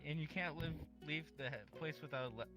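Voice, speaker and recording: A man's voice: a little high, fairly quick, music in the background. Rambling, joking man on a podcast. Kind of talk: casual podcast chat.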